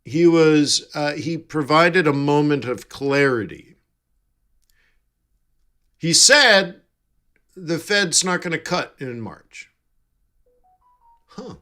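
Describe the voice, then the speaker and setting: A man's voice: fairly high pitch, lively intonation, slow pace, pauses often, pushed and bright. A man hosting a live trading stream, chatting casually and jokily with viewers while reading their comments. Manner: chatty, jokey, reads out chat and answers viewers.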